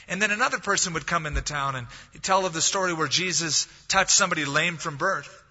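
A man's voice: on the high side, brisk, few pauses, pushed and bright. A man preaching a sermon as pastor, telling a story and acting out the voices of the people in it. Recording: dull lo-fi audio, long hall reverb.

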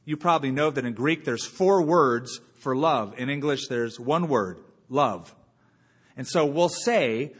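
A man preaching a sermon as a pastor, conversational and unhurried, with long dramatic pauses. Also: fairly high pitch, lively intonation, breathy edge. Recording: long church reverb.

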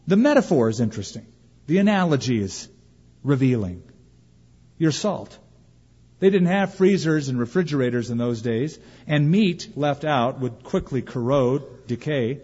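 A man preaching a sermon as pastor, emphatic and preacherly, with pauses and rhetorical questions. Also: mid-range voice, lively intonation, dark tone, husky, big-room sound, lo-fi sound.

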